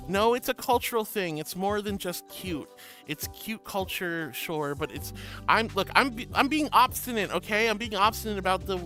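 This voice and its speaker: A woman's voice: lowish voice, fairly bright tone. A woman streaming casually, reading chat aloud in an affectionate, giggly way, calling viewers sweetie and honey and often repeating herself. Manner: rambling, repeats phrases. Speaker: VTuber streamer.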